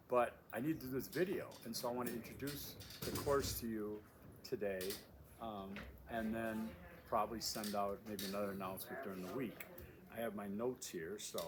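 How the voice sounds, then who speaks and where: A man's voice: on the low side, fairly even intonation, normal speed. A man, a course instructor, introducing his class in a casual recorded video from a windy outdoor overlook. He talks emphatically, repeats his key phrases and uses many fillers. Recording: wind noise outdoors. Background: wind.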